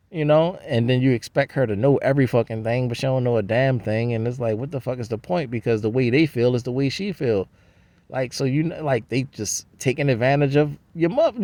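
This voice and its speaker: A man's voice: mid-range voice, fairly quick, a little mellow, no room sound. A man rambling in a profane, slangy casual monologue. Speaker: vlogger.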